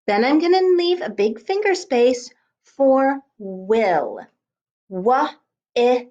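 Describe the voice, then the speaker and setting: A woman teaching a kindergarten class by video, speaking slowly in a sing-song way and sounding out words letter by letter. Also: on the high side, very animated, warm tone, dull audio. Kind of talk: remote lesson for young children.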